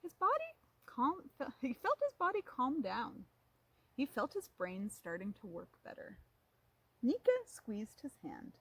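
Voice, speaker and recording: A woman reading a picture book aloud to children, pausing to ask them questions in an animated way. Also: on the high side, husky. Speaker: storytime reader.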